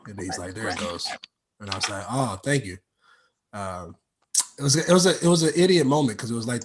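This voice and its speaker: A young man doing a rambling, slangy stand-up set, telling stories with lots of asides. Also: fairly low pitch. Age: young adult. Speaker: stand-up comedian.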